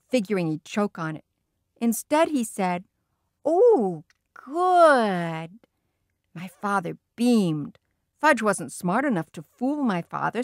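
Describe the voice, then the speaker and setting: A woman reads a children's story aloud in a lively, expressive manner. Her voice sits at a middle pitch, and the recording is close and dry. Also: no echo. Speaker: audiobook reader. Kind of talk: storybook narration.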